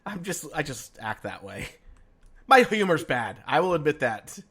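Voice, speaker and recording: A man's voice: on the high side, big pitch swings, normal speed, a bit bright, breathy edge. A man in casual podcast chat who tells crude jokes in a playful way.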